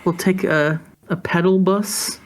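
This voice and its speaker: A woman's voice: fairly low pitch, steady tone, measured pace. A woman playing a tabletop game, chatting casually and hesitantly, often trailing off. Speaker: player.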